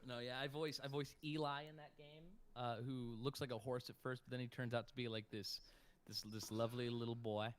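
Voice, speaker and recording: A man's voice: medium pitch, little pitch movement, a little fast, few pauses. A man who works as a voice actor, chatting casually on a livestream, swearing now and then and laughing often. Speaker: voice actor guest.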